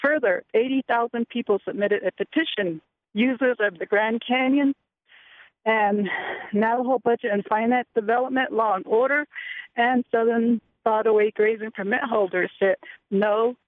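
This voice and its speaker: A woman's voice: fairly high pitch, normal speed, no room sound. A woman calling in to a radio show, reading out a list in a firm, repetitive way. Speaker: caller. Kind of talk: call-in radio statement. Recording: tinny phone line, dry.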